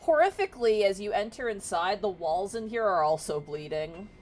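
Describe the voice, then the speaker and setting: A woman's voice: mid-range voice, animated, normal speed, darkish tone, poor audio. A woman narrating a tabletop game as game master, describing scenes casually with fillers.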